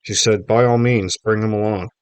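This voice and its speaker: A man voicing an excitable middle-aged reporter dad, eager and teasing, bubbling over with news. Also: on the low side, moderate pace, clean tone, no echo, close to an everyday voice.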